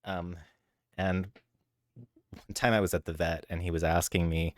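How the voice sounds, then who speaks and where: Man, deep low voice, casual livestream chat, easygoing storyteller, dry close sound. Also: little pitch movement, a little slow, no room sound. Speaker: live streamer. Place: at home with his cats, late at night.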